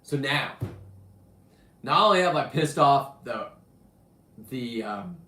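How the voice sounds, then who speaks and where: Swearing and boasting, a man hosting a show recounts diving tales, alternating loud bursts with muttering. His medium-pitched voice is lively in intonation and unhurried, recorded in an echoey room.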